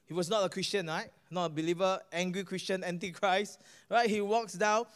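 High-voiced Singaporean man preaching. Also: fairly quick, clear, resonant tone. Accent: Singaporean English. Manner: animated storytelling, asks the audience "right?" and "guess what?". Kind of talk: sermon with personal testimony.

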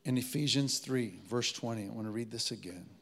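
A pastor preaches a sermon to a live congregation, telling stories conversationally and calling on the audience to respond. His mid-range voice is brisk with a fairly bright tone.

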